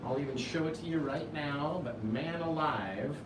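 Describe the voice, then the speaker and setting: A man's voice: on the high side, moderate pace, far from the mic. Man, 40s, painting instructor, playful, enthusiastic, echoey studio, background noise. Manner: enthusiastic and playful, joking and gushing. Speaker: painting instructor and live stream host. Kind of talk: live-streamed painting lesson, reading chat aloud.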